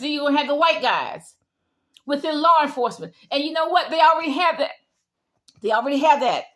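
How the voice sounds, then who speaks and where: A woman's voice: sits high, a bit bright. A middle-aged woman giving an emphatic opinion monologue, repeating her points in a lecturing way. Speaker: vlogger.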